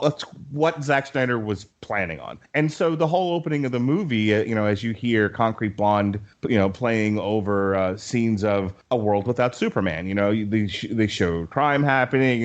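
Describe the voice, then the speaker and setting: A man hosting a podcast in casual chat, enthusiastic, laughing often and swearing casually. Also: on the low side. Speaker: podcast host.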